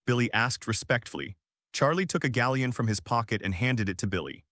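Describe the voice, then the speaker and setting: A man narrating a fan fiction audiobook at a steady, even pace. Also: mid-range voice, brisk, no room sound, clean studio sound.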